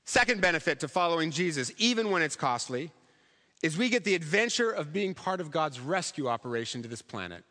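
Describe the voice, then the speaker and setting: A man's voice: on the high side, very animated, fairly quick, sharp tone, big-room sound. A man preaching a sermon in a church, conversational and humorous, acting out quotes along the way. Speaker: pastor.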